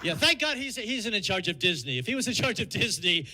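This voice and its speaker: A man's voice: high-pitched, big pitch swings, fairly quick, pushed and bright. An older man from the American South doing a stand-up set, wry and self-mocking. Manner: wry, self-mocking punchlines with many character voices. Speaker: stand-up comedian. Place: comedy club stage. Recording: noisy live club recording.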